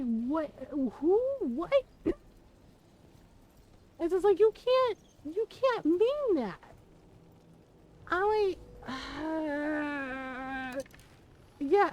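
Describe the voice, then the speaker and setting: A woman game streamer in casual livestream chat, talking in an animated, laughing rant with plenty of swearing. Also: extremely high pitch, slow, long pauses, a little hiss or hum, rough recording.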